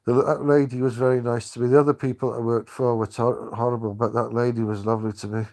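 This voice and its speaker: An older man chatting on a live stream, halting and rambling with many restarts. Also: mid-range voice, flat delivery, darkish tone. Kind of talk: casual live-stream chat.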